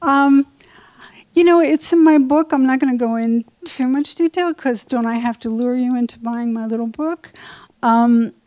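This older woman is an author telling anecdotes to an audience. Her voice is mellow and warm and sounds close and dry. She talks with lively energy and often doubles back on her own words. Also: high-pitched, no room sound. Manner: lively storyteller, quick repeats of words. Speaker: author at a book talk. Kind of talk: anecdotal talk and Q&A.

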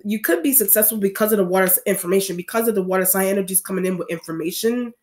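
A woman with a medium-pitched, slightly mellow voice reads tarot cards for an audience at a very fast pace. She rambles, often restarting and repeating phrases.

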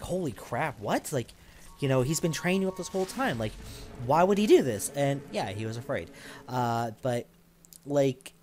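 A man's voice: medium pitch, a little mellow. A young man casually commenting while playing a game, rambling and enthusiastic with lots of fillers. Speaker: gameplay commentator. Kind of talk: casual let's play commentary.

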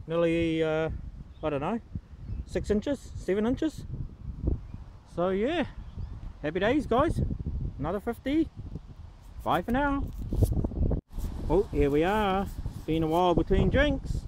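Kiwi guy vlogging outside, cheeky and chatty, slightly high voice, lots of wind noise. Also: sing-song, takes it slowly, pauses often. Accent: New Zealand. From New Zealand. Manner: chatty, jokey, upbeat, self-mocking. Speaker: metal detecting vlogger. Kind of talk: casual vlog talk to camera. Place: outdoors in a windy park. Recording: noisy outdoor wind.

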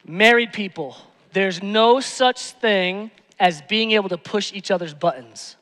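A man's voice: high-pitched, measured pace, pushed and bright, in a large hall. A man preaching a sermon as pastor, emphatic, repeating phrases and asking rhetorical questions. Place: church sanctuary.

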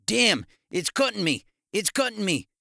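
A man's voice: fairly high pitch, lively intonation, normal speed, bright, forceful tone, dry recording, clean studio sound, voice pushed up. A male narrator voicing a scrawny, panicky crook with a whiny, shrieking delivery.

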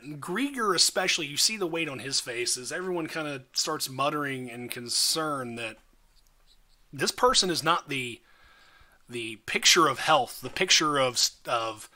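A man running a tabletop game as dungeon master, narrating in a lively, animated way with many restarts. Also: fairly high pitch, a little slow. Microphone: podcast mic, slightly odd audio.

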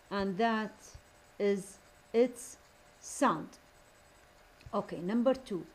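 Very slow-paced teacher, repeating words. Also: female voice, mid-range voice, darkish tone, rough recording. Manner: slow, repeats each word several times; switches to Arabic to explain terms. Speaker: English teacher. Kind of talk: recorded classroom lesson.

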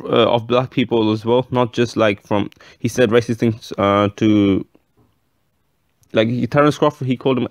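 In a casual boxing vlog, a man with a medium-pitched, somewhat dark voice shares his opinions. He rambles, restarting often, leaning on fillers and swearing bluntly.

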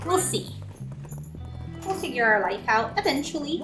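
A woman's voice: high voice, lively intonation, moderate pace, over music. A woman streaming a video game, chatting casually and grumbling sarcastically, with frequent swearing. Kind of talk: casual live-stream chat while gaming.

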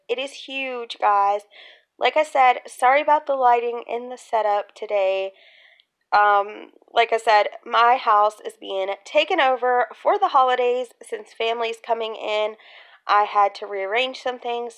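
A woman chatting casually while unboxing a gift on her bed, excitable and chatty with frequent squeals, filmed on a handheld phone. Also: on the high side. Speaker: crafts vlogger. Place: bedroom at home. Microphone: handheld phone camera.

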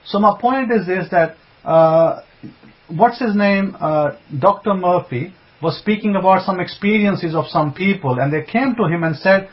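A man's voice: sits high, unhurried. Rabbi guy teaching, keeps repeating stuff for emphasis, kinda muffled lo-fi audio. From England. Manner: repetitive and emphatic, conversational asides. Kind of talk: religious teaching talk. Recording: dull lo-fi recording.

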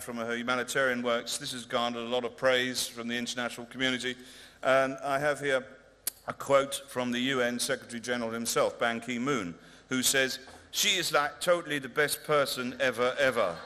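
A male comedian presenting an award at a ceremony in a large converted hall, delivering dry, deadpan, mock-pompous stand-up. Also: mid-range voice, a little fast. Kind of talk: stand-up style presentation speech. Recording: reverberant hall with faint noise.

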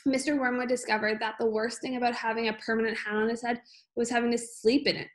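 A woman reading a children's book aloud at an unhurried pace, with frequent small slips and restarts. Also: on the high side, level tone, a little hiss or hum. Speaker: reader.

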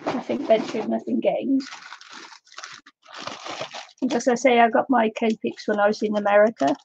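A woman's voice: fairly high pitch, steady tone, moderate pace, gravelly. A woman from New Zealand with a New Zealand accent, hosting a craft livestream in casual, self-mocking chat and laughing often. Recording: lo-fi livestream audio with faint noise.

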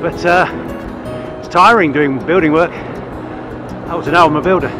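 High-voiced man chatting mid-ride. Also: normal speed, over music. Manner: wry, chatty, wandering asides. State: a bit tired. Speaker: cycling vlogger. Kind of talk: rambling ride-along commentary. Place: outdoors riding a bike.

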